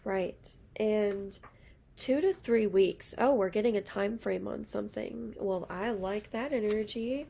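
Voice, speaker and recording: A woman's voice: mid-range voice, unhurried, creaky, warm tone, slight background noise. A young woman giving a casual, rambling tarot reading to her viewers. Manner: chatty, rambling, lots of fillers. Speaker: tarot reader.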